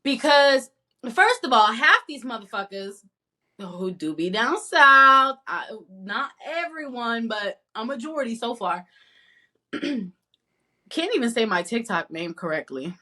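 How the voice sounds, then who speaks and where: A woman co-hosting a casual podcast, ranting in a blunt and profane way. Her voice sits high and sounds bright. She talks with lively, cutting energy. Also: measured pace. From not from the American South. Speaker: podcast co-host. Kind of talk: casual chat.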